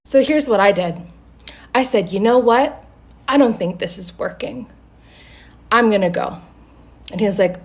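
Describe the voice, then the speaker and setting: A young woman telling a story straight to camera in a casual, lively way. She swears freely and acts out what each person said. Her voice sits in an ordinary middle pitch. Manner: animated, profane, acts out both sides of the conversation. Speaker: vlogger telling a dating story.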